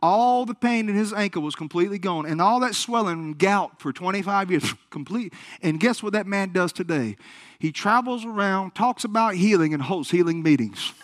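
High-voiced animated male preacher. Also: normal speed, no room sound. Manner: animated storytelling, acts out quotes. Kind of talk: sermon testimony.

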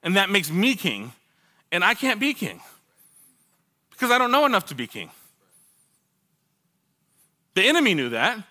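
A man's voice: sits high, huge pitch swings, moderate pace, long pauses, bright, forceful tone. A man preaching a sermon, telling his own testimony as a story, acting out what he once said and laughing at himself. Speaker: pastor.

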